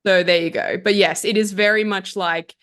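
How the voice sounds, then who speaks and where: A woman's voice: medium pitch, fairly even intonation, moderate pace, fairly bright tone. A woman from Central Italy, a podcast guest chatting casually and rambling with many fillers and self-corrections.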